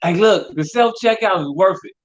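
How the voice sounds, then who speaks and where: Middle-aged man, podcast co-host, loose profane storyteller; a bit high-pitched, dull lo-fi recording. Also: moderate pace. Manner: rambling storyteller, profane, repeats "hey, look". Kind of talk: casual comedic chat. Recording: dull lo-fi sound.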